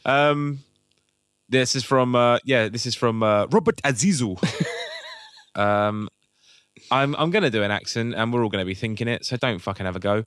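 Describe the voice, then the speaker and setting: A man's voice: mid-range voice, normal speed, pauses often, a bit bright, clean tone, dry recording, clean studio sound. A young man co-hosting a podcast, chatting casually, giggly and swearing between sips of rum. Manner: giggly, swearing, tipsy banter. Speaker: podcast co-host. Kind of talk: casual chat.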